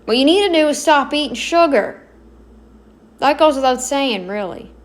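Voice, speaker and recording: A woman giving casual reaction commentary, halting and self-correcting, blunt and exasperated in her opinions. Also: high-pitched, lively intonation. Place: home, kneeling then seated.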